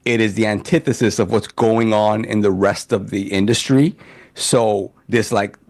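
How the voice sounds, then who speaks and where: A man with a fairly low, darkish voice co-hosts a casual gaming podcast, speaking steadily at a moderate pace. He talks in long, opinionated runs, rambling, restarting often, and repeating himself.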